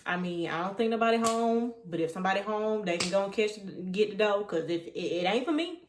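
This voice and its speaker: A young woman recounts a personal story in a loose, conversational way, looping back and going off on side notes. Her pitch sits in the middle of the range. The sound has a noticeable room echo. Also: brisk, a little hiss or hum. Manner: chatty, digressive, animated retelling. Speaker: vlogger. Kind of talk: casual storytime. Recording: echoey room.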